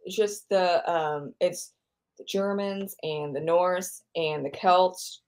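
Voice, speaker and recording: A woman's voice: on the low side, takes it slowly, darkish tone. An American woman hosting a podcast, chatting casually in a rambling, self-correcting way. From United States. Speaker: podcast host. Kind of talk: casual interview chat.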